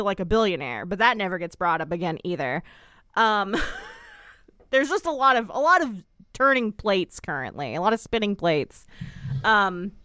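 Young woman podcast co-host, rambling and chatty, lively pitch, dry close sound. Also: dry recording. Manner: chatty, rambling, lots of fillers and asides. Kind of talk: casual chat recapping a TV episode.

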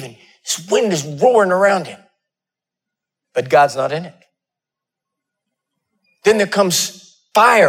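A man who is a pastor, preaching a sermon with dramatic storytelling, rising to loud peaks and dropping to hushed asides, before a laughing audience. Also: fairly high pitch.

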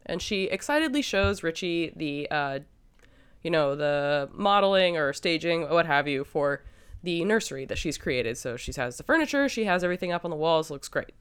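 A woman's voice: low voice, expressive, moderate pace, clean tone. A young adult woman hosting a podcast, casually recapping a film with lots of fillers and hedges. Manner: chatty, many fillers and hedges. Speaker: podcast host.

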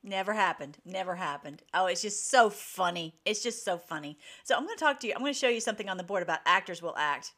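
A woman hosting an online show, giving emphatic, rapid-fire political commentary between video clips. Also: mid-range voice, sing-song, a bit bright.

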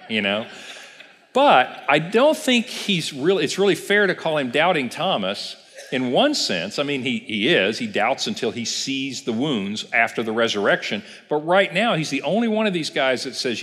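A man's voice: medium pitch, big pitch swings, moderate pace, a bit bright. A man pastor giving a casual Bible class, telling the story and asking the class questions. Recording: reverberant church hall.

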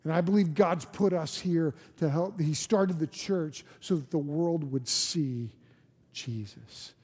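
Pastor guy preaching, earnest, keeps asking questions, kinda high mellow voice. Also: slow, breathy edge. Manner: earnest, repetitive restarts, rhetorical questions. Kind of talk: sermon. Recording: long hall reverb.

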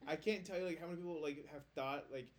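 A man's voice: a little high, fast. A man co-hosting a casual podcast, reading listener posts aloud and chatting loosely with lots of filler words. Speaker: podcast co-host.

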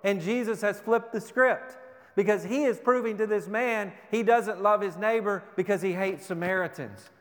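A pastor preaches a sermon in a voice that sits high, at a moderate pace. He is emphatic, firing off rhetorical questions and repeating words to drive his points home, and the large hall adds a long reverb.

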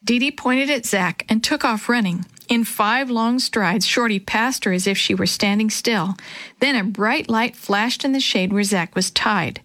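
A woman reading a children's chapter book aloud, telling the story gently and lightly voicing the characters. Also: fairly high pitch, measured pace, no echo. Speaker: storybook reader.

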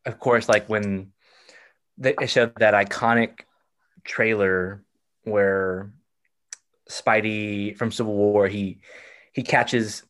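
A man hosting a casual podcast chat, enthusiastic but halting, often restarting his sentences. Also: on the low side, steady tone, a bit bright.

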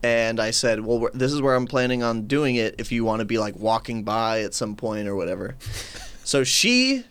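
A young man from Minnesota telling a story in a casual, profane, animated way, often laughing as he talks. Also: medium pitch, normal speed, clean tone.

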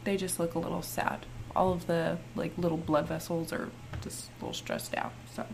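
A hoarse young woman, co-hosting a podcast, tells stories in animated, casual chat, laughing often and saying "like" a lot. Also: low-pitched, normal speed, slight background noise. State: hoarse, strained voice. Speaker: podcast co-host.

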